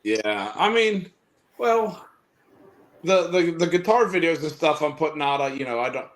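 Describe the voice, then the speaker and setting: A man's voice: fairly high pitch, expressive, moderate pace. A man hosting a casual chat from his home bar and studio, laid-back and swearing freely. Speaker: host.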